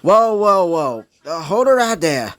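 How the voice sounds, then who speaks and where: A drawling, folksy young cowboy type, as a man puts him on. He speaks a bit higher than the storyteller's own voice, with lively swings. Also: measured pace, full character voice. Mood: startled. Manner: drawling, says partner.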